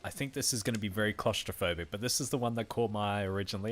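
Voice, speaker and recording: A man's voice: on the low side, racing, few pauses, soft background music. An Australian man from Western Australia, chatting casually with his viewers while streaming a game, laughing often and thanking people by name. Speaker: gaming streamer. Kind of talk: casual live-stream commentary.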